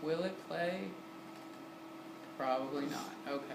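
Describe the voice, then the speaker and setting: Male music teacher, energetic classroom delivery with quick questions and sung demos; distant, roomy recording with background noise. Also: fairly high pitch. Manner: sings short syllables to demonstrate. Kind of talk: classroom lesson. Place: community center room.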